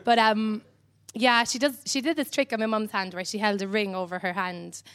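An Irish woman from Ireland doing stand-up comedy on a club stage, rambling and dry with many pauses and "um"s. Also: medium pitch, fairly even intonation, fairly bright tone, clean tone.

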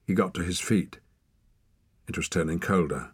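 Husky, low-voiced male audiobook narrator. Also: moderate pace, no echo. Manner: expressive, storytelling.

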